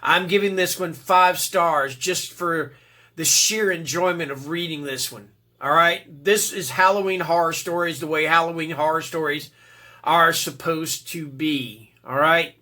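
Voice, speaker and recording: A man's voice: a little high, a little slow, sharp tone. A man giving a casual, rambling spoken book review, full of fillers and checking in with "all right?". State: occasional cough and throat clearing.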